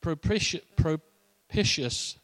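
A man's voice: fairly high pitch, animated, takes it slowly. A man preaching a sermon as a pastor, in a conversational, playful way with asides.

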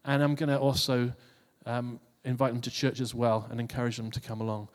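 Long hall reverb fills this recording of a man preaching informally. His medium-pitched voice shows little pitch movement and he speaks fairly quickly, talking conversationally to the congregation while repeating and restarting phrases.

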